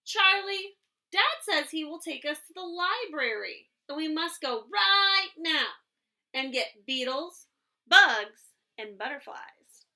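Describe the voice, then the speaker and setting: A woman voicing an eager, insistent little girl who is excitable and obsessed with one book. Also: high-pitched, slow, full character voice.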